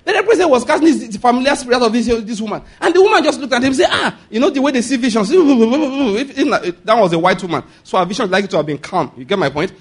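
A Nigerian-accented man preaching a sermon, animated, laughing often and asking the congregation if they follow. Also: very high-pitched, racing, hardly any pauses, husky.

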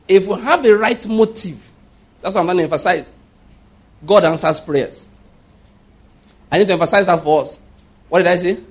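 Husky-voiced Nigerian preacher, emphatic. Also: male voice, sits high. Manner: emphatic, keeps checking the congregation understands. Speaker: pastor. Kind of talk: sermon.

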